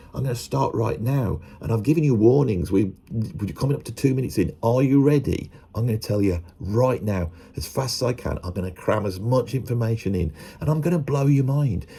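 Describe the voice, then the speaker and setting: Gravelly low-voiced man rambling. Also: mellow. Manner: rambling, self-mocking, slips into voices. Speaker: musician talking to camera. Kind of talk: casual monologue to camera.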